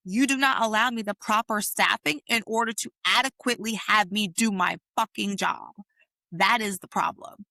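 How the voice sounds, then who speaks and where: A woman's voice: medium pitch, normal speed, gravelly, bright, forceful tone, dry recording, studio quality. A woman co-hosting a podcast, talking with passion and emphasis in casual conversation and swearing freely. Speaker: podcast co-host. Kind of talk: casual chat.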